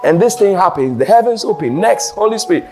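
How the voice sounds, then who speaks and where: A man preaching with a high, very animated voice that leaps into shouts and then drops low. He switches between Twi and English as he preaches. Faint music plays under him. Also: brisk. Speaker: pastor. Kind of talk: sermon.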